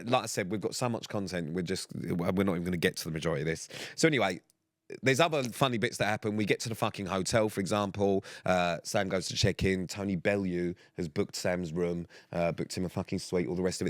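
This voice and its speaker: A man's voice: deep voice, dry recording. A man, co-hosting a podcast and telling stories in a dry, sweary way. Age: 30s. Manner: sweary, dry anecdotal delivery. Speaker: podcast co-host. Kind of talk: casual storytelling chat.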